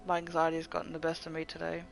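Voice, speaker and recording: A young man chatting casually to his viewers during a game livestream, excitable and swearing often. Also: fairly high pitch, creaky, low-quality recording. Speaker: gaming livestreamer. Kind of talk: casual live commentary to chat.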